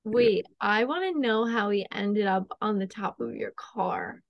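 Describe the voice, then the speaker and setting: A woman's voice: mid-range voice, a little slow, dry recording, dull audio. A woman in casual chat, curious and asking questions.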